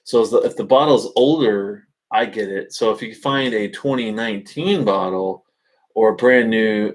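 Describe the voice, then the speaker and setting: A man hosting a casual live stream from home, thinking aloud in a halting way with many fillers and restarts, speaking into a webcam. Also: lowish voice. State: hiccups.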